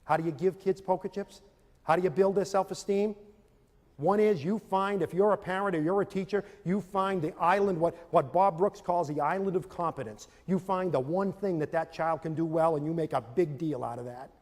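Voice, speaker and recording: A man giving a motivational talk to parents and teachers, telling animated stories and acting out scenes. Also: high voice, moderate pace. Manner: animated storytelling, acts out scenes. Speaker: speaker. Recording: long hall reverb.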